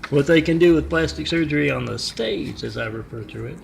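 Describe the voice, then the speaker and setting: A man's voice: a little high, brisk, vocal fry, slight background noise. A man telling a story in a rambling monologue, full of fillers and asides. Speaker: vlogger.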